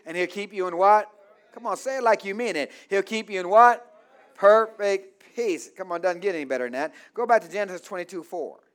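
A man's voice: high voice, fast talker. A man preaching a call-and-response sermon in a church, leaving blanks in his lines for the congregation to fill and repeating key phrases. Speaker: pastor.

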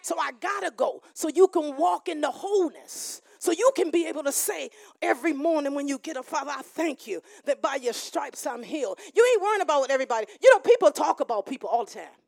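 A woman minister preaching a sermon, shouting and calling for responses from the congregation. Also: high-pitched, expressive, a little fast, vocal fry, no room sound, clean studio sound.

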